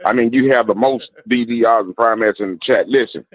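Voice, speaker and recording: A man's voice: mid-range voice, fairly quick, lo-fi sound. A man calling into a sports show, mocking a rival team with heated trash talk. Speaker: caller.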